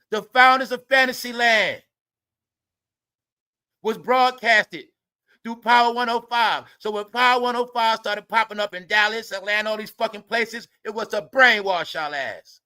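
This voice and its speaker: High, bright-voiced man ranting. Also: clear, resonant tone. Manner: heated, swearing, repetitive and preachy. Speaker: commentary channel host. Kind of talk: ranting celebrity gossip commentary.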